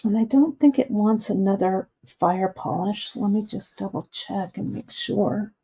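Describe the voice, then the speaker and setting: An unhurried woman leads a live beading lesson, talking through each step as she works. Her tone is encouraging and chatty, and her pitch sits in a mid range. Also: warm tone, slightly rough. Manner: chatty, encouraging, thinks aloud while working. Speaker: jewelry-making instructor hosting a live stream. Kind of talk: live craft demonstration.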